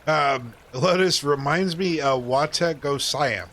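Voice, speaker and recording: A man casually chatting while streaming a game, joking and self-deprecating, thinking out loud. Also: fairly high pitch, slow pace, a little hiss or hum. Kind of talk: casual live-stream chat.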